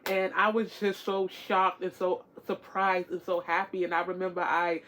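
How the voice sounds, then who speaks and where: A woman's voice: lowish voice, level tone, normal speed, a bit bright. Chatty, encouraging woman vlogger. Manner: encouraging, repetitive, chatty with many fillers. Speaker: tarot reader vlogger. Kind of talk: casual chat to camera.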